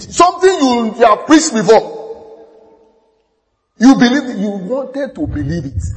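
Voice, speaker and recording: A man preaching a sermon, telling stories with quoted dialogue and building to shouts. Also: sits high. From Nigeria. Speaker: pastor. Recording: long hall reverb.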